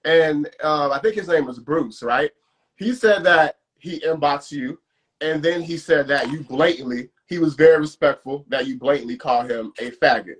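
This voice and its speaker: A man's voice: on the high side, moderate pace. A man co-hosting a live stream, asking questions in casual chat with lots of hesitant fillers. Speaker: co-host on a dual live stream.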